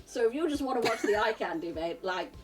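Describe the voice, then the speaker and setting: A woman trades jokes at a tabletop game, laughing easily as she talks. Her pitch swings up and down. She sits back from the mic while loud music plays underneath. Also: lively intonation, quick pace, far from the mic. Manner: giggly, teasing, bursts of laughter. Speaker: player.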